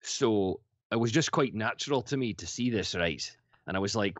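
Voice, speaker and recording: A low-pitched man recalls his work as a voice actor in an easygoing, candid manner, now and then letting a swear slip. The sound is dry and close, but dull and lo-fi. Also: moderate pace, no echo. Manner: relaxed, candid, casually profane. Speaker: voice actor guest. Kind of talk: interview storytelling.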